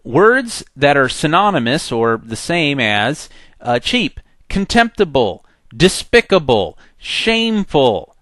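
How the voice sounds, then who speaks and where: Man, software instructor, animated pitch, dry close sound, chatty step-by-step explaining. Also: slow pace, no room sound. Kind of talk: screen-recorded tutorial.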